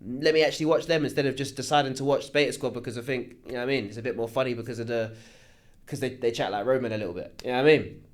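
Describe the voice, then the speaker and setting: A man's voice: medium pitch, rapid-fire. A young man, casually commenting on online drama and reading viewer comments aloud with slangy asides. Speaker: commentary host.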